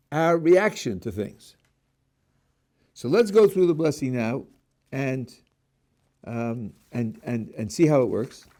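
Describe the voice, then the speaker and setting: A middle-aged rabbi with a mellow, medium-pitched voice teaches a class about prayer. Taking it step by step, he asks his students questions and often starts words over.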